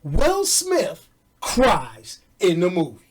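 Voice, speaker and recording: A man's voice: high-pitched, slow, distant mic, a little hiss or hum. Laughing, slangy man reviewing a movie. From New York. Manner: animated, jokey, slangy, laughs often. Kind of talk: casual movie review chat.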